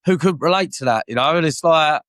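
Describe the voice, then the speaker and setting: A man co-hosting a wrestling podcast, bantering quickly and swearing casually. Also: fairly high pitch, fairly bright tone, no room sound, clean studio sound. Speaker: podcast co-host. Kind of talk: casual chat.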